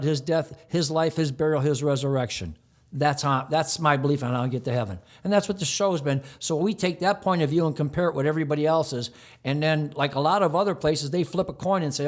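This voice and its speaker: A man speaking a little higher than most men, answering interview questions in an emphatic flow. He rattles off long lists and breaks into mocking rhetorical outbursts. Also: a little fast. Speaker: community television producer and host.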